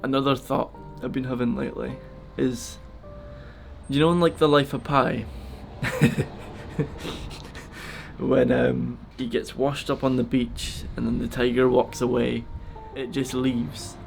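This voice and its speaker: A man talking casually and emotionally in a vlog, soft and halting, close to tears. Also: medium pitch, little pitch movement, creaky, faint music behind. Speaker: vlogger feeding a wild bird. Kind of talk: casual heartfelt vlog talk.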